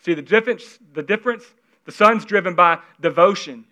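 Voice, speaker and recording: A man preaching a sermon in an earnest, conversational way, at times dropping into hushed, intimate tones, on a slightly dull recording. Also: sits high, fairly quick. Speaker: pastor.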